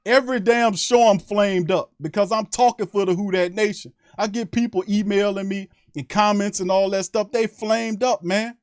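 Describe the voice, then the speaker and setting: A man rants into a close mic on a sports live stream. His voice sits fairly high and sounds dry, with no room echo. He talks in a heated, emphatic, profane way and keeps repeating his points. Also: fairly even intonation, normal speed, few pauses, a little mellow. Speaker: sports podcast host. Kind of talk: fired-up fan rant on a live stream.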